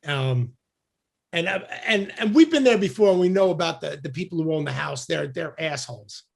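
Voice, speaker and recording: A man from the United States, a podcast guest, telling a story in casual chat, lively and laughing as he acts out what people said. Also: on the high side, moderate pace, creaky. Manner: animated storyteller, acts out quotes with shouts and laughs.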